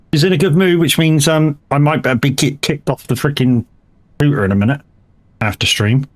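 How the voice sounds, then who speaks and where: A man's voice: on the high side, moderate pace, pauses often. A man chatting casually during a live game stream, rambling and swearing freely with many restarts.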